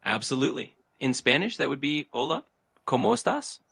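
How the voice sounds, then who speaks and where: Upbeat ai assistant guy, talks fast, gravelly edge, very bouncy. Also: mid-range voice, big pitch swings, a bit bright, no room sound, clean studio sound. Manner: cheery, agreeable, upbeat. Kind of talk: upbeat chatbot replies.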